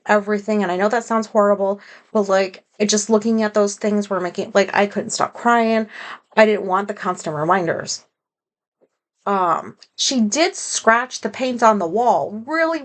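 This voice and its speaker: A woman hosting a personal podcast, talking frankly and emotionally, rambling and going off on tangents. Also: medium pitch. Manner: frank and emotional, with many fillers. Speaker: podcast host. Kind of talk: casual personal podcast monologue.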